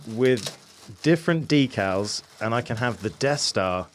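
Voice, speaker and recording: A man's voice: mid-range voice, expressive, measured pace, a little hiss or hum. A man co-hosting a podcast, chatting casually and joking, laughing easily. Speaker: podcast co-host. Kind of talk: casual chat.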